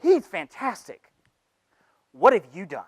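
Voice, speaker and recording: Man doing a high, mocking inner voice of fear, sarcastic and taunting, dry sound. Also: huge pitch swings, measured pace, dry recording, heavily acted. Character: sneering inner voice of fear, male, belittling. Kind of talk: comic stage monologue.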